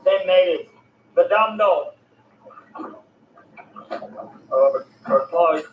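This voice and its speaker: Aussie guy filming a fishing vlog on a boat, loud and excited, slangy, mic a bit far off and echoey. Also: high-pitched, slow, narrow, tinny audio, slight background noise. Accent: Australian. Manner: enthusiastic, exclaiming, slangy. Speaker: fishing vlogger. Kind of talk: excited outdoor vlog commentary.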